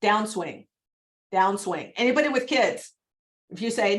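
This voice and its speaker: A woman coaching on a video call, chatty and animated, laughing often as she talks. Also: medium pitch, moderate pace, long pauses. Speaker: real estate prospecting coach.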